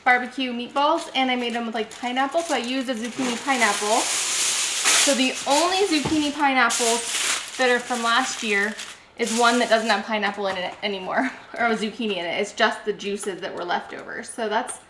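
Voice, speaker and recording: A woman's voice: on the high side, normal speed, roomy sound, noisy background. A woman vlogging as she cooks at home, chatting casually and talking herself through each step. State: out of breath. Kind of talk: casual cooking narration. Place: home kitchen.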